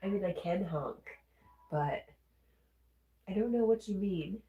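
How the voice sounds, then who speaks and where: A woman's voice: medium pitch, takes it slowly, roomy sound, phone-quality sound. A woman with a Southern accent and a stuffy nose, casually chatting as a livestream host and reading viewer comments aloud. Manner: chatty, reads comments aloud and answers them.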